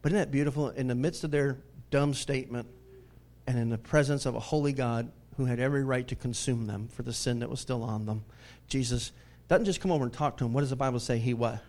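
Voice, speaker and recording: A male pastor preaching a sermon in a conversational style. He swings between booming emphasis and hushed asides, often chuckles, and asks his listeners questions. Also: fast.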